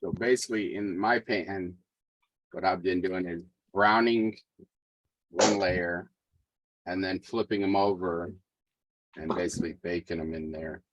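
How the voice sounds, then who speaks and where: A man with a somewhat low voice chats on a video call. He talks about food with relaxed enthusiasm, and the sound is dry and close, with no room echo. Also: measured pace, long pauses, dull audio. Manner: chatty, enthusiastic food talk, sometimes talking with his mouth full. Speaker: home cook on a group cooking call. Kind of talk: casual chat.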